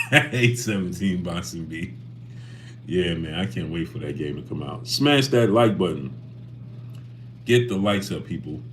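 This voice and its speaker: A man's voice: low voice, expressive, measured pace, pauses often, slight background noise. A man hosting a casual boxing livestream, talking animatedly and greeting chat viewers by name.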